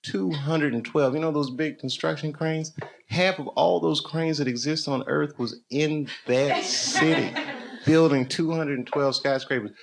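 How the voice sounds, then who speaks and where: A man's voice: a little high, fairly even intonation, a little slow, vocal fry. A man doing stand-up crowd work on a comedy club stage, telling loose stories with lots of laughter and swearing. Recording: live club recording with crowd noise.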